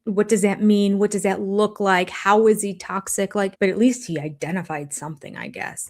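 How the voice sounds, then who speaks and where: A woman's voice: mid-range voice, fairly even intonation, normal speed. An older woman giving blunt, sarcastic reaction commentary on a reality TV show.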